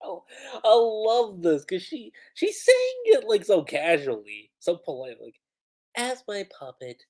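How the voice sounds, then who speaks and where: Animated man with a lively, swooping voice. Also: high-pitched, unhurried. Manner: excitable, animated, full of "like" fillers, breaks into laughter. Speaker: manga reviewer on a livestream. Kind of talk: casual livestream commentary.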